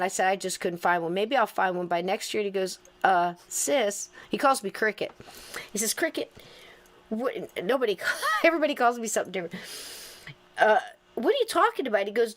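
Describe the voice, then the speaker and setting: A middle-aged woman hosting a podcast, telling stories in a casual, animated way and laughing through them. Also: fairly high pitch. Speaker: podcast host. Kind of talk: casual storytelling chat.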